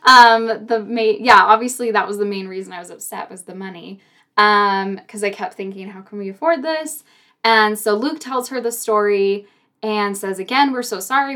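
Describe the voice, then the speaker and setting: A young woman telling a personal story in a casual chat, animated and laughing often. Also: medium pitch.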